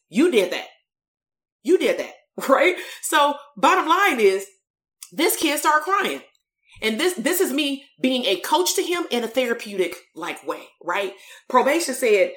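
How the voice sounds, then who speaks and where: A woman's voice: sits high, lively intonation, measured pace, a bit bright, reverberant. A woman, a coach and therapist telling a story in a blunt, emphatic live-streamed motivational talk.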